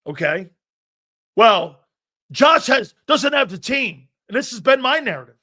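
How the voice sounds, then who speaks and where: A man's voice: extremely high pitch, big pitch swings, a little slow, pushed and bright. A man hosting a live sports talk show, arguing his opinions emphatically and repeating himself as he builds a point.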